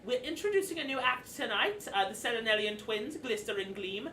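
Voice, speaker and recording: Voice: medium pitch, animated, brisk, bright, forceful tone. A game master voicing a weary, aging male carnival master who announces the day's events to his staff in a showman's manner. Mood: announcing. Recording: roomy distant mic with faint noise.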